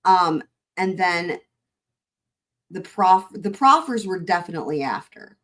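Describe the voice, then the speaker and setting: A woman's voice: lowish voice, expressive, measured pace, fairly bright tone. A woman hosting a live stream, thinking aloud and correcting herself as she comments. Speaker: stream host.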